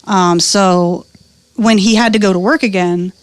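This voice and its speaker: A woman comedian in her thirties telling her life story candidly, profane and animated, acting out the people she quotes. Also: medium pitch, measured pace, no room sound. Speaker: interview guest, comedian.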